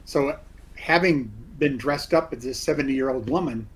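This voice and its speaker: A man who acts in community theatre, telling animated anecdotes in a casual chat. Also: mid-range voice, moderate pace, poor audio. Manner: animated storyteller, does voices in quotes. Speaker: community theatre actor guest.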